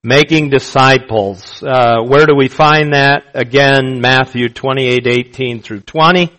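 A male pastor preaching a sermon, emphatic and slow, repeating his key phrases for weight. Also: medium pitch, fairly bright tone, poor audio.

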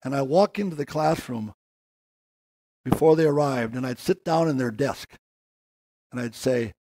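An older man giving an earnest sermon, slowing down and rising in pitch to stress key words. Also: warm tone. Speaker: preacher.

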